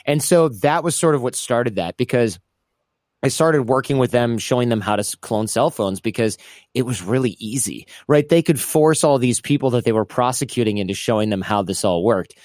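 A man's voice: mid-range voice, moderate pace, no room sound, studio quality. A man telling a casual story in an interview, stumbling and restarting, acting out the people he quotes. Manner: animated, acts out quoted voices, restarts often. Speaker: guest recounting his past.

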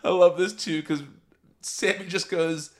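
A man's voice: high voice, steady tone, a little slow. A man giving a chatty, enthusiastic casual recap, rambling into asides as he goes. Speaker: wrestling show reviewer.

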